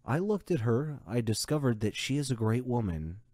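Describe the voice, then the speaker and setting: A man telling a first-person story as scripted narration, in a slow, measured way. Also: mid-range voice, big pitch swings, darkish tone, no room sound, studio quality.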